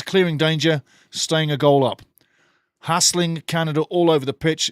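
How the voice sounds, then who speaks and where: A man hosting a live match watchalong, calling the play and answering chat in an animated, opinionated way. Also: no room sound, studio quality. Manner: animated, opinionated, swings from excited calls to low asides. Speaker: watchalong host commentating a match.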